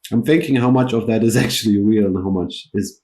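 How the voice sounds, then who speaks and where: Low, mellow-voiced man interviewing. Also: a little fast. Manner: hesitant, with many restarts and ums. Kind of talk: conversational interview.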